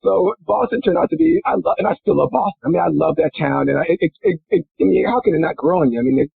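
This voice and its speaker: Gravelly former athlete over a phone line. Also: male voice, sing-song, fast talker, no room sound. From Minnesota. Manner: rambling, many restarts and fillers, laughs into high-pitched bursts. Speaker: former football player, guest. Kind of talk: casual storytelling interview.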